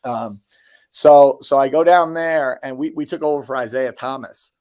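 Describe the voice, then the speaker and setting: A man's voice: medium pitch, normal speed, a little mellow, dry recording. A man in his thirties talks through his career in a loose, rambling way, full of ums and restarts. Dry little jokes at his own expense slip in. The sound is close and dry, with no room around it. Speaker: basketball coach, guest. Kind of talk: casual interview answers.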